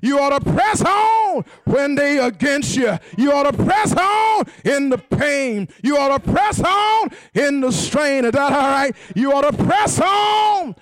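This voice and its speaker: Preacher man whooping and shouting, real high voice, slow and drawn out, swings up and down. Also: very animated, no echo, clean studio sound. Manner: whooping, sing-song cadence with call-and-response; often shouts. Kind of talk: sermon.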